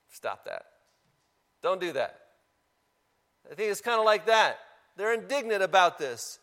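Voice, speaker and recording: A man's voice: sits high, a bit bright. A man preaching a sermon in a church, talking casually and asking the congregation questions. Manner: conversational, asks the congregation questions. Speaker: pastor.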